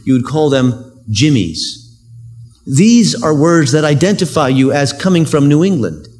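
Earnest higher-voiced male pastor preaching. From United States. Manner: earnest, conversational preaching with vivid examples. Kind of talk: sermon.

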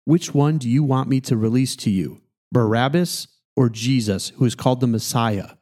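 A man's voice: medium pitch, moderate pace, dark tone, natural voice. A man voicing a stern, questioning Roman governor in a plain read-aloud delivery.

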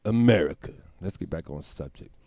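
Gravelly, animated man doing a comedy rant. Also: low voice, fairly quick, no room sound. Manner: profane, rambling, self-mocking, laughs often. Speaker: podcast host. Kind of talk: comedic solo monologue.

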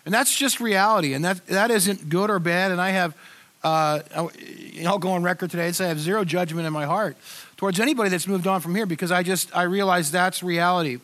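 An older man preaching as a pastor, talking to his congregation in a relaxed, conversational way with frequent restarts and fillers. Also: high voice. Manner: conversational, halting with many restarts. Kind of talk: sermon.

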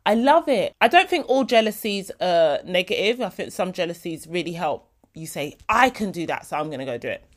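A woman's voice: lowish voice, animated, brisk, hardly any pauses. A young woman, hosting a casual solo podcast in a chatty, heartfelt way. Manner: chatty, heartfelt, slips into quoted voices. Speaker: podcast host.

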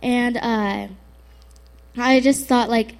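Soft-spoken young woman reading scripture. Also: a little high, steady tone, drawn-out words, clear, resonant tone, low-quality recording. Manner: soft-spoken, hesitant, frequent "uh". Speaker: youth speaker. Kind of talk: devotional talk with scripture reading.

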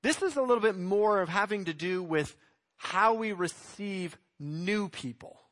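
A man's voice: sits high, lively intonation, measured pace, a bit bright, a little hiss or hum. A man preaching a sermon as pastor, reading scripture verses aloud and exhorting his congregation.

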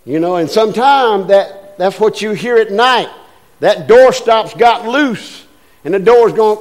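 A man's voice: high voice, animated, unhurried. An older man preaching a folksy sermon, telling homespun stories and acting out the voices in them. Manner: homespun storytelling, acts out voices in anecdotes.

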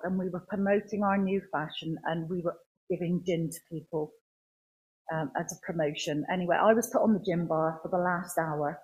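A woman giving a personal faith testimony in church, speaking earnestly in a halting way with many restarts. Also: fairly low pitch, a little mellow, slightly rough, poor audio.

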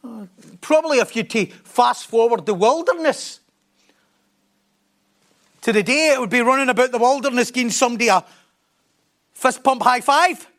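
A man's voice: extremely high pitch, normal speed, long pauses, a bit bright. A man preaching a sermon in a conversational way, often laughing and joking at his own expense.

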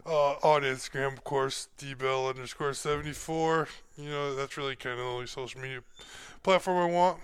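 A man appearing as a podcast guest in casual banter, chiming in with quick quips. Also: medium pitch, steady tone, clear, resonant tone, no echo. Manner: laughs along, chimes in with quips.

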